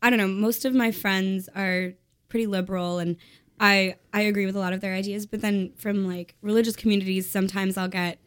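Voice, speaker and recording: A woman's voice: mid-range voice, steady tone, brisk, fairly bright tone, clear, resonant tone. A woman co-hosting a podcast, chatting casually in a frank, jokey way. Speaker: podcast co-host. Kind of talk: casual chat. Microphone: close podcast mic.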